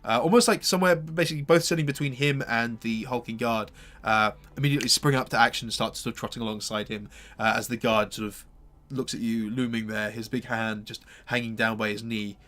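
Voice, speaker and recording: A man narrating a tabletop game as game master, halting and full of fillers. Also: mid-range voice, steady tone, a bit bright. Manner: hesitant, many fillers and restarts.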